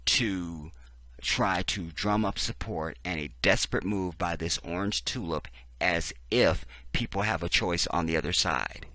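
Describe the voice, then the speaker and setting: Low-voiced man ranting with force. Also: unhurried, bright, forceful tone, no room sound. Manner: heated, profane, sarcastic; reads text aloud and interrupts it with reactions. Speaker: political commentary host. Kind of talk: ranting video commentary.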